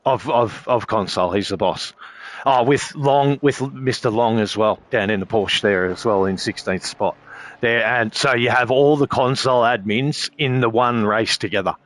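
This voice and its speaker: A man's voice: mid-range voice, normal speed, a bit bright, dry recording. An Australian man streaming sim racing, chatting casually with viewers in a laid-back, rambling way and swearing constantly. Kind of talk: casual live-stream chat.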